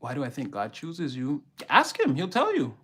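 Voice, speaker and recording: A man's voice: fairly high pitch, wildly swooping pitch, normal speed, fairly bright tone. A man reading tarot on a live stream, chatting casually, preaching motivation and greeting his viewers by name.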